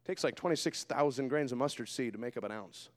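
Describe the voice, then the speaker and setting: A man preaching a sermon as pastor in a church, swinging between quiet asides and shouted fervor. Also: mid-range voice, fast talker. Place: church sanctuary. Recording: long hall reverb.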